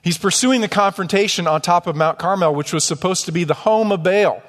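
A man preaching a sermon in a church, animated, with mocking asides and rhetorical questions. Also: high-pitched, brisk, in a large hall. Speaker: pastor. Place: church sanctuary.

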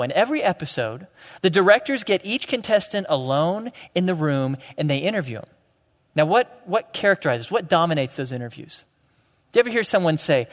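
A man preaching a sermon as pastor, animated and building to loud, emphatic peaks. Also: high-pitched. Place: church sanctuary. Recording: reverberant church hall.

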